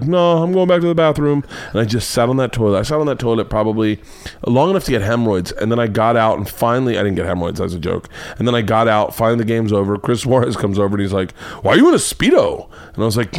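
A man hosting a podcast, telling an embarrassing childhood story as a swearing, animated comic monologue. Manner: animated, swearing, jumps into high excited pitch for punchlines. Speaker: comedian and podcast host.

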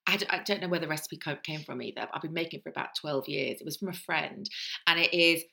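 A middle-aged woman co-hosting a podcast, telling stories in a chatty, animated way. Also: low-pitched, quick pace, gravelly. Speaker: podcast co-host. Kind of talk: casual chat.

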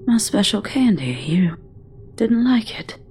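A woman's voice: mid-range voice, sing-song, a little slow, a little mellow, a little hiss or hum, pitched above the performer's own voice. A woman voicing an eager, coaxing male candy shopkeeper in a storybook reading. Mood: sulky. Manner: coaxing, wheedling.

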